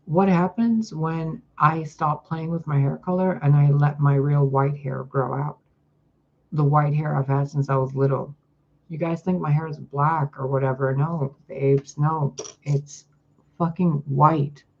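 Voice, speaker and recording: A woman's voice: low-pitched, steady tone, unhurried, narrow, tinny audio, slight background noise. A woman vlogging in a casual, profane, exasperated rant into a phone mic.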